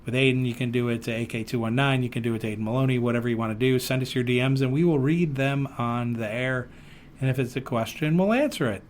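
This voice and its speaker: A man hosting a podcast in casual chat, animated and jokey, sometimes slipping into playful silly voices. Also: medium pitch, quick pace, a little hiss or hum. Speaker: podcast host.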